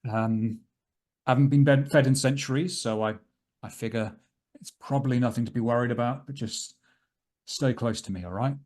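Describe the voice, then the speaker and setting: A man's voice: mid-range voice, normal speed, darkish tone, lightly acted. A man voicing a nervous, sorrowful male guide who stammers as he talks, in a tabletop game. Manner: hesitant, stammering. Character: nervous, sorrowful man guiding others underground.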